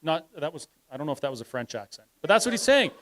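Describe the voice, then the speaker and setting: A man with a fairly high voice speaks at a live public panel. He argues his case forcefully, and at times stalls mid-sentence while groping for the right word. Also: very animated, fast. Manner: forceful, argumentative, trails off hunting for words. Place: live event hall.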